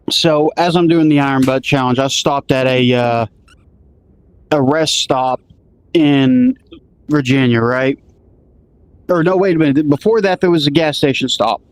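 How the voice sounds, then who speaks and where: Man, fairly high voice, casual storyteller, loose and rambling, acts out quotes. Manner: rambling, restarts often, acts out quoted dialogue.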